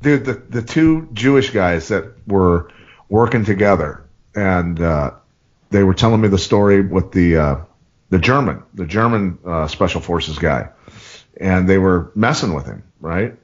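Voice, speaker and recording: Male podcast host, lowish voice, loose profane storyteller, lo-fi audio. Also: a little slow. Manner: profane, rambling anecdotes with lively impressions. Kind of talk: casual storytelling.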